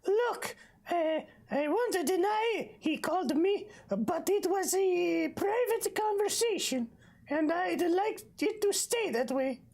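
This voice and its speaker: A gamer doing a squeaky gossipy hotel clerk. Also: lively intonation, slow, a little mellow. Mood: secretive. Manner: high squeaky put-on accent.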